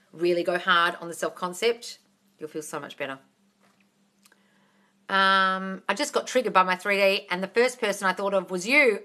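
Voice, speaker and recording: A woman's voice: mid-range voice, sharp tone. A woman hosting a casual livestream Q&A as a manifestation coach. She reads viewer comments aloud and answers bluntly, swears freely and calls her viewers darling.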